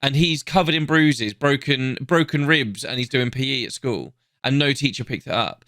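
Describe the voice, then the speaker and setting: Bloke, young, swears loads, crisp bright voice, dry close sound. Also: male voice, medium pitch, normal speed, no echo. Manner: sweary, animated storytelling. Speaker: podcast co-host. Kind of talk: casual chat.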